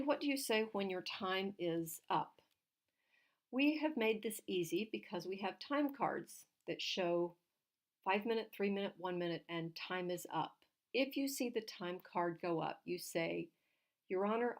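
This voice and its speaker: A woman, a legal writing instructor, giving clear, direct numbered tips on oral argument. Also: medium pitch.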